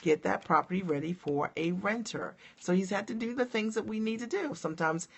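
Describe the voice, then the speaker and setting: Upbeat woman coach, forties, gravelly edge to the voice, casual live-stream chatter. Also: medium pitch, fairly quick. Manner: upbeat, chatty, many fillers and asides.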